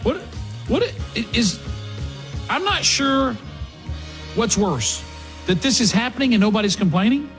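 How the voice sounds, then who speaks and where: A man hosting a radio talk show, giving sarcastic, animated political commentary. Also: extremely high pitch, a little slow, pauses often, faint music behind.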